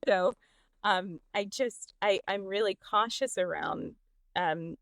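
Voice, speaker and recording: A woman's voice: medium pitch, slow, vocal fry, no echo. A woman from Texas hosting a podcast, talking candidly with frequent laughs and restarts. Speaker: podcast host. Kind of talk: casual interview chat.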